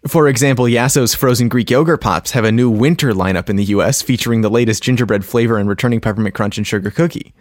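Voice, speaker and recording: A man's voice: medium pitch, fast, hardly any pauses, no room sound, studio quality. A man co-hosting a casual chat, rambling through explanations with many ums and restarts. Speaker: podcast co-host.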